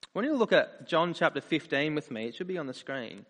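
A man preaching a sermon, earnest in his appeals and animated when he tells personal stories. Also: on the high side, fast. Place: church. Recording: reverberant church hall.

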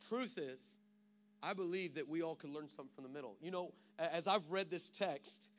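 A man's voice: a little high, normal speed, fairly bright tone, slight background noise. A pastor from Texas preaching a sermon, switching between self-mocking stories and a rising, emphatic preaching cadence.

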